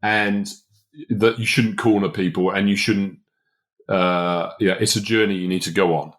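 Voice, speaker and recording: Deep-voiced man chatting on a podcast. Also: steady tone, a little slow, fairly bright tone. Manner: conversational, emphatic, chuckles often. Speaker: podcast host, business consultant. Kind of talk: casual podcast chat.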